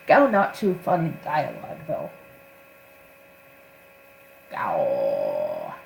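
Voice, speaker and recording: A woman doing a gravelly little monster voice. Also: rumbling low, huge pitch swings, extremely slow, echoey room, slight background noise, pitched below the performer's own voice, full character voice, low-quality recording. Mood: playful. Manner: talks about itself in third person. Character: gruff little dinosaur-like monster, playful.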